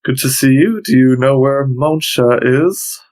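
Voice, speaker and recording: Man voicing ship captain NPC, polite and even, mid-pitched. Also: a little slow, natural voice, poor audio. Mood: requesting. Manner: polite, asking favors.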